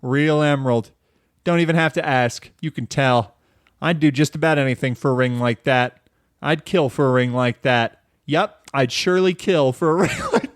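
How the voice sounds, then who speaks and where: A man's voice: mid-range voice, moderate pace, no room sound, studio quality, natural voice. A man reading out the lines of a strange, affectless young waitress in a seedy bar. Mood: flat. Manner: flat and affectless.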